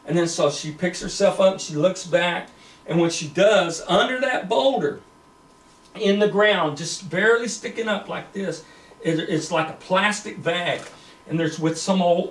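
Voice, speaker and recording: A man's voice: high-pitched, a little hiss or hum. Man telling a rambling story in an echoey room. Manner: rambling, with many fillers and restarts. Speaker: storyteller pitching a screenplay. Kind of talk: casual spoken story retelling. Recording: echoey room, distant mic.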